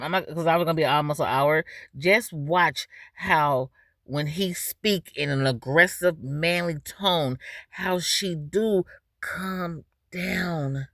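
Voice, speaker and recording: A low-pitched woman talking slowly and deliberately as she comments on a clip. Her delivery is preachy and scolding, and the recording sounds dry and close. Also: fairly bright tone, dry recording. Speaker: commentary host. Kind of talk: drama commentary reacting to a clip.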